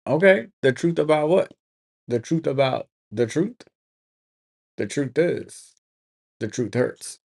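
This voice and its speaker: A man's voice: fairly high pitch, animated, slow, vocal fry, pauses often, a little mellow, breathy edge. A man co-hosting a casual livestream chat with his partner, joking and deflecting her questions. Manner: joking, deflecting, breaks into playful singing. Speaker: co-host.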